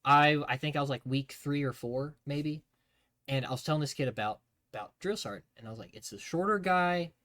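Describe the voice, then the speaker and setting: A man telling army training stories to his stream in a casual, profane, animated way. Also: mid-range voice, brisk.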